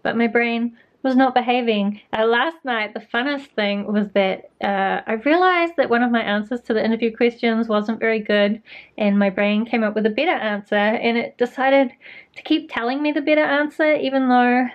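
A woman's voice: a little high, normal speed. A young woman with a New Zealand accent chatting casually about her reading week, self-deprecating and full of fillers. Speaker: book vlogger. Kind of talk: casual vlog chat. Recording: slightly dull lo-fi sound.

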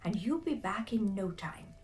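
A woman voicing a kindly old male badger teacher in a gentle, hushed whispered role-play. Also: mid-range voice, lively intonation, moderate pace, distant mic, lightly acted.

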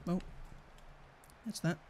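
A young man streaming a football video game, swearing constantly and switching between shouted outbursts and muttered grumbling at the match. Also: takes it slowly, background noise. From England. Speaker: gaming streamer. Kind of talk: live gameplay commentary.

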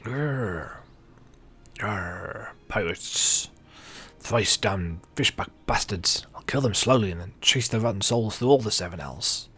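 A man's voice: fairly low pitch, expressive, slow pace, pushed and bright, full character voice. A man reading the lines of a furious, vengeful female commander in a game, with growls. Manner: growling, read-out game dialogue.

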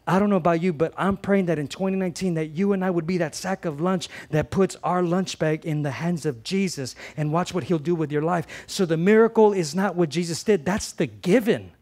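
A middle-aged pastor delivers a fervent sermon, his voice fairly high as he alternates between loud, forceful lines and soft, sincere ones. He repeats phrases to drive points home, keeping a moderate pace with few pauses.

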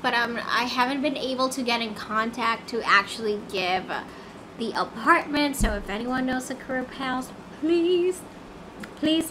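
A woman livestreams a game in casual chat, excitable and repeating herself in bursts of confused exclamations. Her voice sits high, with a little hiss or hum in the background.

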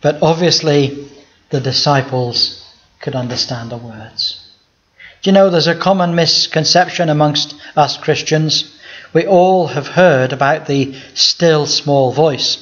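A man's voice: fairly high pitch, unhurried, fairly bright tone. A male pastor giving an emphatic Bible teaching sermon, asking the congregation rhetorical questions. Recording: dull lo-fi recording.

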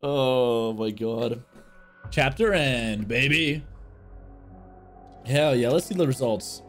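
A man's voice: mid-range voice, very slow, long pauses, faint music behind. A young man casually commentating his gameplay for chat, joking and swearing often. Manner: excitable, jokey, swears a lot, talks to chat. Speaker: streamer.

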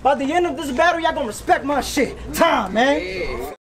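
Man, from Florida, battle rapper, high voice, taunting, punchy bars, shouted bursts, noisy live recording. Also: lively intonation, moderate pace, vocal fry. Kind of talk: battle rap performance. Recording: noisy live event with crowd ambience.

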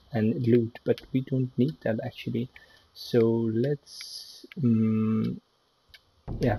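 A man gives casual gameplay commentary, talking slowly in a mellow, dark voice. He is chatty and talks to himself while he plays. A faint noise sits in the background. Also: medium pitch, creaky, rough recording.

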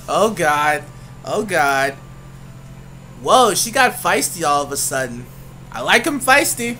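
A woman hosting a let's-play of a dating game, loud and gushing, swearing often and laughing at what happens on screen. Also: sits low, big pitch swings, takes it slowly, long pauses, faint music behind. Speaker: video host.

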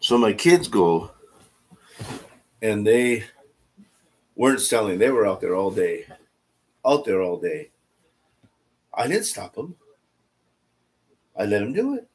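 A middle-aged man with a somewhat low voice leads a Bible study. He tells family stories in a loose, conversational way, repeating phrases for emphasis. His delivery swings between soft asides and loud, lively lines. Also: slow, pauses often. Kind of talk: casual storytelling in a Bible study.

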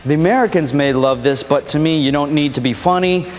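Guy hosting a goofy comedy show, kinda high voice, playful and fake-offended, reverby with music under it. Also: a little fast. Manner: playful, mock-indignant, theatrical. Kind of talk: comedic scripted presentation.

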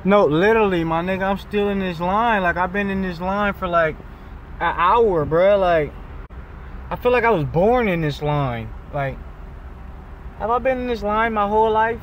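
High-voiced young man ranting in a car. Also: moderate pace, highs cut off, a little hiss or hum. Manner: loud, exasperated, swearing, shifts pitch often. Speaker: vlogger. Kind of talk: casual vlog rant. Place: in a car in a drive-thru line.

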